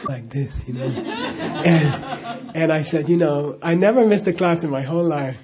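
A man's voice: fairly high pitch, moderate pace, a little mellow. A middle-aged man telling a personal story in a casual, rambling way, with frequent chuckles and "you know" asides. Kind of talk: casual spoken anecdote.

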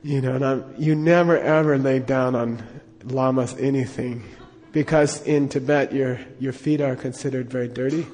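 A man's voice: mid-range voice, fairly even intonation, normal speed, hardly any pauses, a little mellow, big-room sound. A middle-aged man telling a personal anecdote in a rambling way, with lots of fillers and chuckles. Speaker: storyteller.

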